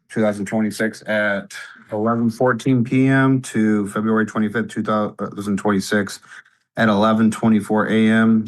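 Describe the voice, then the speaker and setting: A man's voice: lowish voice, low-quality recording. A man serving as a police detective, giving sworn testimony and reading out facts in a procedural way.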